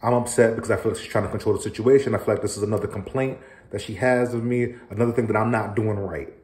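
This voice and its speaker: A man's voice: fairly low pitch, steady tone, fast, a little mellow, roomy sound. A man coaching on relationships, talking earnestly to a phone camera in a casual monologue, often repeating his words as he goes. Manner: earnest, repeats words, acts out quarrels in raised voice.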